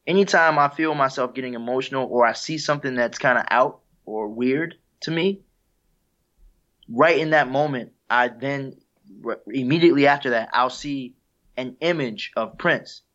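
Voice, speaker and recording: Heard through muffled lo-fi audio, a man with a fairly bright, medium-pitched voice talks at normal speed. He's a guest musician in an interview, reflecting casually on heartfelt stories with an easy laugh.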